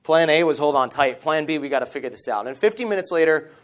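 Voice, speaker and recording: A man in his thirties giving a storytelling talk at a conference stage microphone, animated and acting out the lines he quotes. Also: a little high, fast talker. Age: 30s. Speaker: conference speaker.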